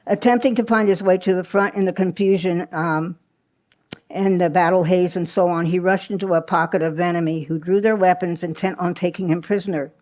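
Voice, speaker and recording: A woman's voice: on the low side, fairly even intonation, a little fast, a little mellow. A woman giving a live history talk at a small museum, telling the story conversationally with asides and small restarts. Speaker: history presenter.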